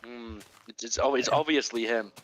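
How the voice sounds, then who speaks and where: A man's voice: mid-range voice, moderate pace, a bit bright. A man chatting over voice chat while gaming, hamming up a joking detective act. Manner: playful, mock-detective bit. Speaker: Minecraft server player.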